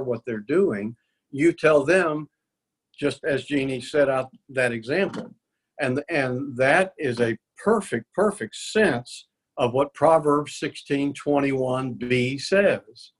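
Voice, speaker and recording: A man's voice: medium pitch, breathy edge, rough recording. A man speaking as a guest on a faith-based parenting show, earnest and quoting scripture.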